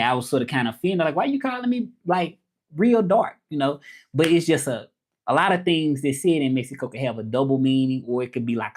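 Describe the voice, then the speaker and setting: A man with a Southern US accent hosts a casual livestream. His talk is loose and rambling. He answers viewers' comments as they come in. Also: medium pitch. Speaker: livestream host and interpreter.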